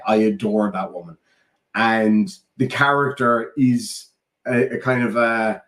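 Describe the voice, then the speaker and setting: A man with an Irish accent telling heartfelt stories in casual chat, swearing freely. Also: fairly low pitch. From Ireland. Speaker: podcast co-host. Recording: roomy echo.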